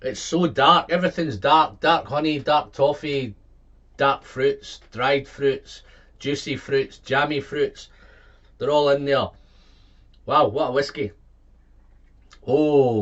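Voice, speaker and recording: A man reviews whisky in a casual, excitable way, piling up tasting notes and repeating himself as he goes. His voice sits at an ordinary middle pitch. The recording is a little dull and lo-fi. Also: takes it slowly, long pauses.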